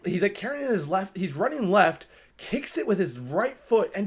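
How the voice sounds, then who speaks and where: A man co-hosting a casual sports podcast, excitable and rambling, swearing often as he talks. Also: high voice, normal speed, husky. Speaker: podcast co-host.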